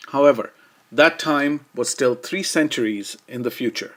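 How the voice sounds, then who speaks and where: A man delivers a scripted lesson in a measured, even manner. His voice sits at an ordinary middle pitch, and he slows deliberately when reciting verse. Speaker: lecturer. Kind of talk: scripted educational narration.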